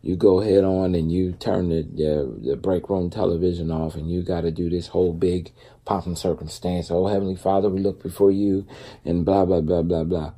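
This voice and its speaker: A man speaks in a relaxed, rambling vlog style, talking through faith and everyday life with plenty of fillers and side remarks. His voice sits very low and has a dark, mellow tone. There is a husky edge to it throughout. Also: moderate pace. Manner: loose, conversational, with many fillers and asides. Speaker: vlogger. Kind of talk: casual faith-based talk.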